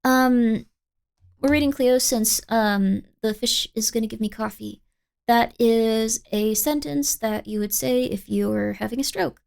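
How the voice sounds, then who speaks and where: A woman's voice: a little high, a little slow, creaky, darkish tone, smooth. A woman streamer chatting casually at the end of a live stream, sleepy and tired, rambling and repeating herself with slightly slurred words.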